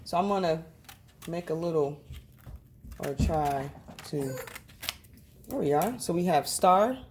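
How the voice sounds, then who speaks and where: A woman teaching a reading lesson to children, speaking slowly and sounding out each syllable. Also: deep voice, background noise.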